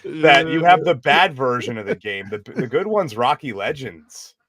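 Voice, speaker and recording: A man guesting on a movie podcast, explaining things in a relaxed way. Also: medium pitch, moderate pace, dry recording. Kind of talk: casual chat.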